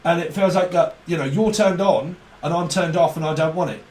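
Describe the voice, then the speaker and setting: A man's voice: fairly high pitch, brisk, darkish tone, reverberant, distant mic. A man giving a rambling, profane tarot reading, laughing often as he talks. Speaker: tarot reader.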